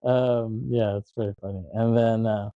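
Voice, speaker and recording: A man's voice: on the low side, level tone, no room sound, dull audio. A man co-hosting a podcast, casually retelling a movie scene by scene in a rambling way. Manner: rambling, acts out lines in quick voices, laughs often. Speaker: podcast co-host. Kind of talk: casual chat recapping a film.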